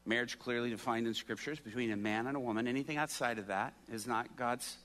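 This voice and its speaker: A man pastor telling a story from the pulpit, animated and acting out the people in it. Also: medium pitch, fast talker. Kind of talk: storytelling sermon.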